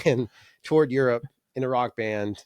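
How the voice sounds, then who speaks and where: A man in his forties, a podcast guest telling rambling, animated anecdotes full of restarts. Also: medium pitch, takes it slowly, clear, resonant tone, no room sound, studio quality. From Alabama. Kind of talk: casual storytelling.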